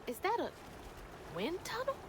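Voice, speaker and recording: An easygoing, curious young game heroine talks high and with very lively swings in pitch. She comes through as game audio, with clear noise in the background. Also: moderate pace, heavily acted. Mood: casual.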